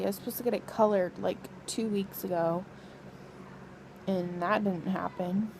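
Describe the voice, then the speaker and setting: A woman's voice: mid-range voice, darkish tone, a little hiss or hum, rough recording. A young pregnant woman vlogging casually from bed, rambling and laughing as she talks to her camera. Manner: chatty, rambling, laughs often. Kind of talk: casual pregnancy vlog chat. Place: lying in bed at home.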